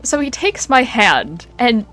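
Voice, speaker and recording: A woman voices a mischievous woman with glowing blood who spills secrets with glee. Her pitch leaps all over as she tells the story, and faint music plays behind her. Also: slow pace, heavily acted. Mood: amused. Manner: animated, gossipy, playful storyteller. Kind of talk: in-character roleplay storytelling.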